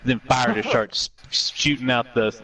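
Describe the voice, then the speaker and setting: A man in casual chat, telling stories in an animated, profane way. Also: medium pitch, unhurried, recorded from a distance.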